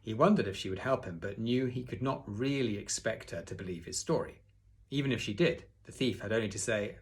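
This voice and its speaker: A man with a low-set voice reads a children's novel aloud, expressively. He sometimes breaks off for a relaxed aside to the listener before diving back into the story. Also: fairly quick. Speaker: audiobook reader.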